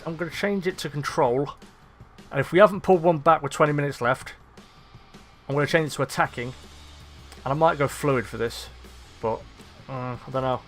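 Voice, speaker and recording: Brief: young man, high voice, sweary excitable football game commentary, faint music underneath. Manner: excitable, swears often, shouts at players. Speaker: gaming commentator.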